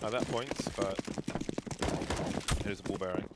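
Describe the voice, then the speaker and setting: A man's voice: low voice, moderate pace, heavy background noise. A man commentating an esports match, chatty and wry, drifting into anecdotes between plays. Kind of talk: casual commentary banter.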